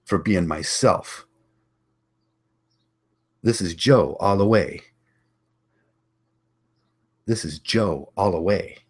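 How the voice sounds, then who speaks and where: A man's voice: deep voice, extremely slow, pauses often, husky. A man hosting his own channel, delivering a blunt, combative monologue and repeating lines for emphasis. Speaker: online channel host. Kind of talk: ranting monologue.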